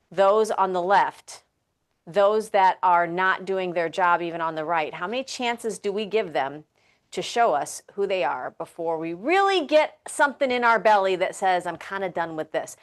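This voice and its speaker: A woman hosting a casual political talk show, animated and sarcastic, firing off rhetorical questions. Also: mid-range voice.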